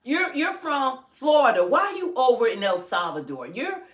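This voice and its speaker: Brief: female livestream commentator, forceful and opinionated, echoey room sound. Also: high-pitched, big pitch swings, moderate pace. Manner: emphatic, fires rhetorical questions. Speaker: livestream co-host. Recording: roomy echo.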